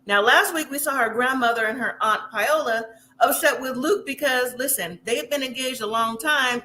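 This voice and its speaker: A woman talks through a reality show episode in a loose, chatty recap and throws her opinions right at the listener. Her voice is bright and sharp and sits a little high. Now and then she drops into quick impressions of the people she is describing. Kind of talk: casual episode recap commentary.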